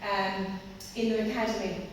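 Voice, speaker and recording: A woman's voice: medium pitch, level tone, moderate pace. A young Irish woman, a singer and stage actress, chatting casually as a podcast guest and acting out little quotes as she talks. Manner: chatty, full of "like" and acted-out quotes. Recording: echoey hall, distant mic, faint noise.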